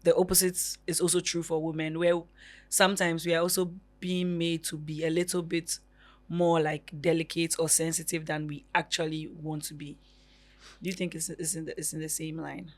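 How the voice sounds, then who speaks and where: A woman co-hosting a podcast, chatting casually and laughing easily in an animated way. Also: low voice, moderate pace. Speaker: podcast co-host.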